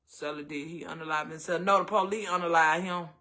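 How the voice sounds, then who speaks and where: A man with a Southern US accent, hosting a casual chat with viewers and calling them baby and honey in an animated way. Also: on the high side, brisk. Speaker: host.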